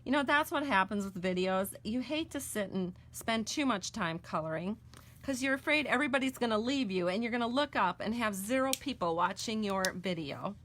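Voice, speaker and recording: A woman's voice: medium pitch, animated, moderate pace, a bit bright, slight background noise. A middle-aged woman with an American accent, chatting casually and correcting herself as she demonstrates card-making step by step. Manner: chatty, homey and self-correcting while coloring. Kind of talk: casual crafting tutorial with chat.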